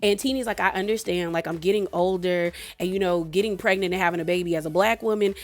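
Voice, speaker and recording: Animated woman recapping reality TV. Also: lowish voice, fast. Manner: animated, laughs often, acts out quotes. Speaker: reality TV reviewer. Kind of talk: casual recap and commentary.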